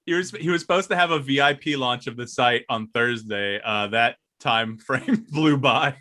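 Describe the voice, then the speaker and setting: Podcast co-host, young man, bright rambling storyteller who laughs a lot. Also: medium pitch, moderate pace. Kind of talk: casual podcast banter.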